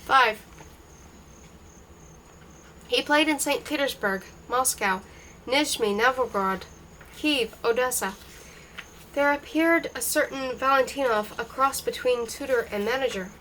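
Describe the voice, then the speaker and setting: A woman reading a novel aloud in an even, unhurried way, lightly voicing the dialogue. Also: sits high, slight background noise, low-quality recording. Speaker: reader.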